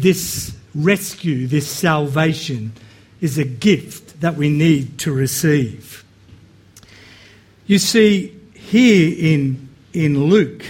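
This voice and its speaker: A man with a high, light voice delivers a sermon. He speaks slowly and with emphasis, then breaks into quick, animated asides before settling back into a steady preaching rhythm.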